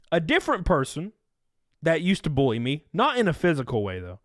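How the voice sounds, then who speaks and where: A man's voice: fairly high pitch, wildly swooping pitch, fairly quick, fairly bright tone, dry recording, studio quality. A man in his thirties hosting a livestream, telling rambling, profane stories to his chat in a casual way. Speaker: livestream host. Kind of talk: casual storytelling to a live chat.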